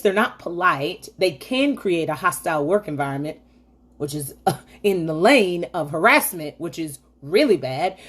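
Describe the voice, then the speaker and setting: A woman's voice: mid-range voice, husky. A middle-aged woman hosting a motivational faith-based talk, telling stories in a chatty way with many asides and frequent laughs. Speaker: host of a women's faith talk.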